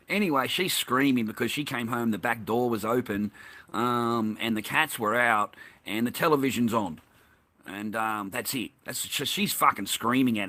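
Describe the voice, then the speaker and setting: A man's voice: medium pitch, animated, normal speed, sharp tone. Ranting, foul-mouthed Australian man. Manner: rambling, heated, swears constantly. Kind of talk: profane ranting monologue.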